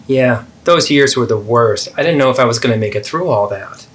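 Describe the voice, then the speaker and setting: A man's voice: mid-range voice, animated, a little fast, a bit bright, lightly acted. A man voicing a defensive, self-pitying middle-aged mother in a therapy role-play, deflecting and indignant. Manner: dramatic, deflecting, swings between hurt and indignant.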